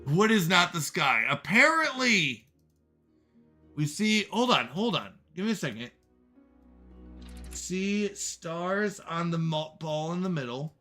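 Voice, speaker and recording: A man's voice: high voice, big pitch swings, slow pace, pauses often, sharp tone, soft background music. A man streaming a puzzle game, talking to himself and his chat in jokey, self-scolding asides. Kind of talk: live game commentary.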